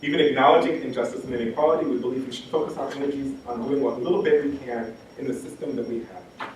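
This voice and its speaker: A man's voice: mid-range voice, steady tone, fast talker. Male academic speaker, earnest and repetitive at a lectern, heavy hall reverb. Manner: impassioned, repeats phrases for emphasis, many ums. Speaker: education scholar giving a talk. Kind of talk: lecture talk. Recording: very echoey hall, distant mic, faint noise.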